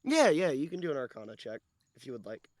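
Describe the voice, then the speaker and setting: A man's voice: medium pitch, very animated, darkish tone, dry recording, clean studio sound. A man running a tabletop role-playing game as game master, narrating scenes and talking with his players. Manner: descriptive, slowing for dramatic narration.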